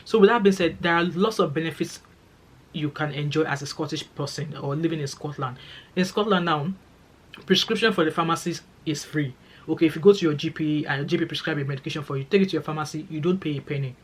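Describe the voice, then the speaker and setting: A Nigerian woman talks to camera in a brisk, rapid vlog. She is chatty and emphatic, often repeating words to drive a point home and addressing her viewers directly. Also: low-pitched, breathy edge. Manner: chatty and emphatic, repeats phrases for stress, speaks straight to viewers. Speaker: vlogger. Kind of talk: casual talking-to-camera vlog.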